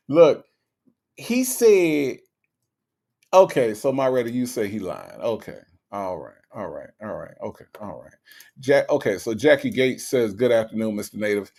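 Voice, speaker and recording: A man's voice: medium pitch, big pitch swings, unhurried, vocal fry, long pauses, a little mellow. A man hosting a live stream in casual, slangy commentary. He reads out chat comments and fires back rhetorical questions, often repeating himself. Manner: slangy, conversational.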